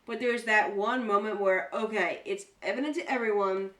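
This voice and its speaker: A woman's voice: medium pitch, normal speed, distant mic. Chatty woman in an echoey room. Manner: chatty, swearing, animated retellings. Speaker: podcast co-host. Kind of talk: casual chat.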